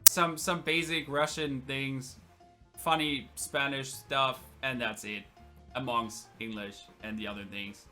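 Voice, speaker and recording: Speaking slowly in a steady, medium-pitched voice, a young German streamer fields viewer questions in a laid-back Q&A. His tone is bright and forceful, his accent German, and he jokes and laughs a lot as faint music plays behind him.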